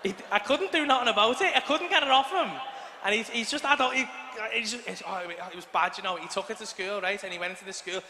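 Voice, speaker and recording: English male stand-up in his 30s, high voice, rambling and sweary, live arena sound with long reverb. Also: fast talker, noisy background. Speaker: stand-up comedian. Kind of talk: stand-up storytelling. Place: large arena stage. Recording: echoey arena, live audience.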